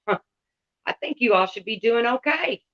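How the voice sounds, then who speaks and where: A woman's voice: on the high side, expressive, slow pace. Blunt, profane woman livestreamer. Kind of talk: ranting livestream chat. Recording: dull lo-fi sound.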